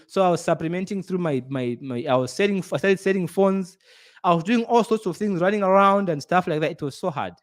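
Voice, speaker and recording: A middle-aged man giving a motivational business talk, earnest and preachy, repeating phrases for emphasis. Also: a little high. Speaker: business speaker.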